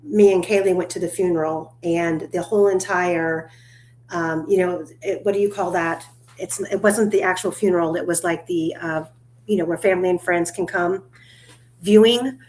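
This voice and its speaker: A woman's voice: on the low side, steady tone, normal speed, darkish tone, a little hiss or hum. A woman hosting a casual livestream chat, talkative and loose, swearing now and then and laughing often. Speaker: livestream host.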